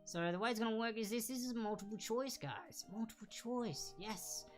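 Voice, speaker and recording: A woman hosting a casual live online trivia quiz, chatting and repeating each answer slowly and clearly. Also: a little high, soft background music.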